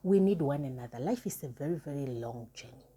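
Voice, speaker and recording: A woman's voice: sits low, expressive, fairly quick, warm tone, husky. A woman vlogger giving an impassioned moral talk to her viewers, earnest and emphatic, repeating words for stress. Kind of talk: impassioned moral address to camera.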